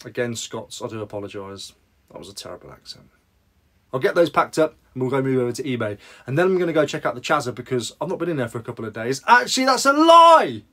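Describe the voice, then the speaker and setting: A man's voice: mid-range voice, animated, quick pace, husky. A man chatting casually in a vlog about his sales, rambling and making self-deprecating asides. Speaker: reseller vlogger.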